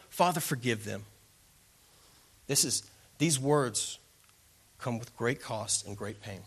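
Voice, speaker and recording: A man preaching a sermon, slowing down for emphasis and swinging between loud declarations and hushed, quiet lines. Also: medium pitch, breathy edge. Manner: slows down for emphasis. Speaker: pastor.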